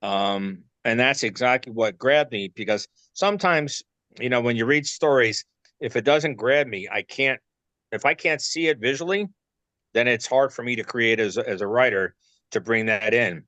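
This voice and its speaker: A man's voice: medium pitch, moderate pace, sharp tone, dry recording, dull audio. A man with a New York accent, speaking as an interview guest in a loose way, with many fillers while he searches for words. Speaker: actor and filmmaker guest. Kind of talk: casual interview talk.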